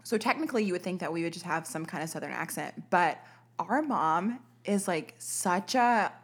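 A woman's voice: lowish voice, lively intonation, moderate pace, husky. A woman from Arkansas, a podcast host, chatting casually in a plain accentless voice, swearing freely and laughing often. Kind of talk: casual chat.

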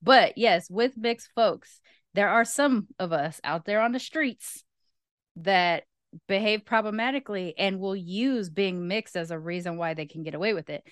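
Woman podcast guest, emphatic and opinionated, smooth voice, dry close mic. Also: medium pitch, normal speed, no echo. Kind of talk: casual podcast chat.

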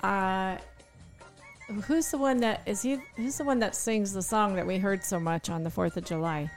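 A woman co-hosting a morning radio show in casual chat, candid and quick to laugh. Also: medium pitch, soft background music. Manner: chatty, candid, laughs easily.

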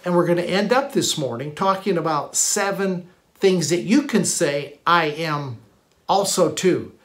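A man's voice: on the high side, measured pace. Emphatic male preacher, repeats his phrases. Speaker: pastor. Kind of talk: sermon.

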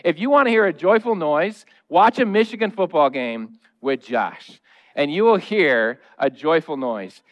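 A man's voice: fairly high pitch, animated, measured pace, highs cut off. A man in his thirties, a pastor, preaching a conversational, humorous sermon in a church. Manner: humorous, conversational, acting out noises and quotes. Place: church sanctuary.

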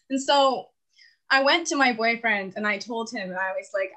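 This caller, a young woman in her twenties, wants relationship advice and tells her story in rambling, casual confessional chat with lots of "like" and frequent laughter. Her voice is a little high and sharp in tone, at normal speed, on a rough recording.

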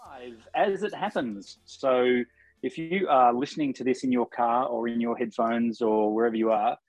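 A man co-hosting a casual live photography chat over a video call, relaxed and chatty with frequent ums. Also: mid-range voice, moderate pace, no echo, soft background music, rough recording. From Australia. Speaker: podcast co-host.

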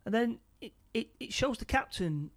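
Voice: mid-range voice, expressive, normal speed. A speaker casually retelling a film's plot scene by scene, stumbling over and repeating words. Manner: stammering, repeats words often.

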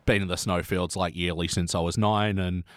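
A man's voice: low-pitched, steady tone, moderate pace, no echo, clean studio sound. A man in his thirties hosting a podcast in casual chat, laughing often and swearing freely. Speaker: podcast host.

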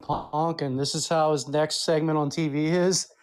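A man's voice: fairly high pitch, fairly even intonation, moderate pace, smooth. A man with a Philadelphia accent co-hosting a wrestling podcast in loose, slangy banter. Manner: laid-back slangy banter. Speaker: podcast co-host. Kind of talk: casual wrestling chat.

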